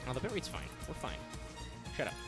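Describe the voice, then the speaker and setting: A man's voice: medium pitch, huge pitch swings, fast. A man hosting a casual gaming podcast, chatty and teasing his co-hosts with mock insults. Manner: joking, mock-insulting banter. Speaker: podcast host. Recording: music playing behind.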